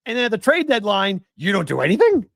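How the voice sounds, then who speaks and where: A man's voice: high-pitched, wildly swooping pitch, quick pace, gravelly, fairly bright tone, dry recording, clean studio sound. A man in his forties hosting a sports talk show, ranting with exasperated rhetorical questions. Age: 40s. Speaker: sports betting show host. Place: West Coast.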